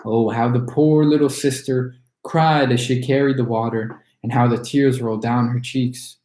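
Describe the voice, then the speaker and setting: A man reading a fairy tale aloud as a storyteller, in an expressive way. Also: mid-range voice, moderate pace, few pauses. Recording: roomy echo.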